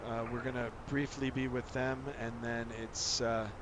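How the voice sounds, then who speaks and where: A man's voice: medium pitch, level tone, normal speed. A man from Canada, a real pilot streaming a flight sim, chatting casually with lots of fillers and restarts. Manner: rambling, filler-heavy, friendly chatter. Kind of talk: casual live-stream chat. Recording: noisy background.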